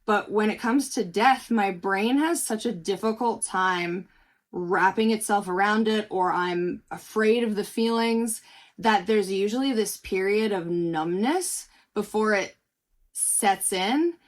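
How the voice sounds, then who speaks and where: A woman's voice: medium pitch, slow pace. A woman sharing personal experience in a panel chat in a reflective, thoughtful way.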